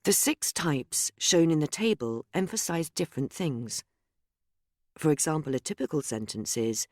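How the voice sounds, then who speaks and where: Lively, dry-sounding grammar lesson narrator. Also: medium pitch, dry recording. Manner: measured, explanatory, reads example sentences aloud. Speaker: course narrator.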